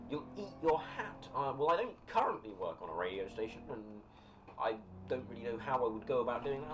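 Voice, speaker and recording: Chatty British man with a lively voice. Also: medium pitch. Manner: rambling, chatty, reads and answers chat comments, quick to laugh. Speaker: live streamer. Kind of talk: casual live-stream chat while gaming. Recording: noisy home recording.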